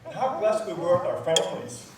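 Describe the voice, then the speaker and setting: A middle-aged man speaking at a memorial gathering, reminiscing with frequent pauses and fillers. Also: sits high, very animated, crowd noise. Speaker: eulogy speaker. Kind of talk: memorial speech. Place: large room at a gathering. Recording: distant mic in echoey room.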